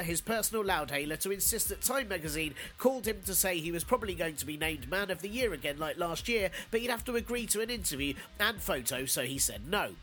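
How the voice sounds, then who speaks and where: A man hosting a podcast, stuffed up and nasal from a cold, delivering sardonic news jokes and casual chat. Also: fairly high pitch. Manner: sardonic, deadpan jokes with fillers. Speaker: podcast host.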